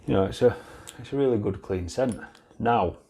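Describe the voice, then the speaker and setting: A man's voice: on the low side, normal speed, creaky, dark tone, slightly rough. A man with a Yorkshire accent reviewing a beard product in a casual, blunt, chatty way, swearing freely and restarting his sentences. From Yorkshire, England.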